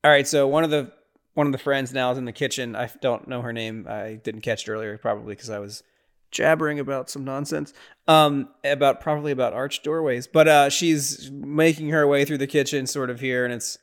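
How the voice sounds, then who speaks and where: Male podcast host, mid-pitched voice, chatty watch-along commentary, rambles and reacts with exasperated bursts. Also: steady tone, a little fast.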